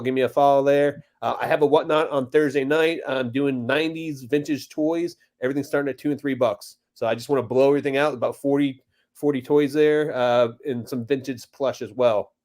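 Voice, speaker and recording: A man co-hosting a live chat stream, upbeat and brisk as he promotes his channel. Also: mid-range voice, steady tone, a little mellow. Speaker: co-host.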